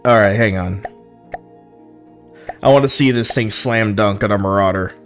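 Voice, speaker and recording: A man's voice: lowish voice, moderate pace, faint music behind. A young man streaming, giving frank, profane, easily amused commentary on viewers' builds. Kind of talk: casual live-stream commentary.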